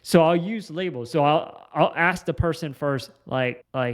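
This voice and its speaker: A man with a slightly higher voice explains a communication skill in a relaxed, unscripted way. He restarts sentences often and leans on "like" as he talks through examples. It sounds like an informal coaching talk. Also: moderate pace, few pauses. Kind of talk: casual instructional talk to camera.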